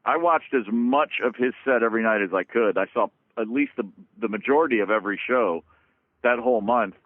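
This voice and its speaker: Man, mid-pitch, animated storyteller, swears and restarts, phone-quality line, dry. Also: fairly quick, no room sound. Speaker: guest musician, drummer. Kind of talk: casual storytelling interview.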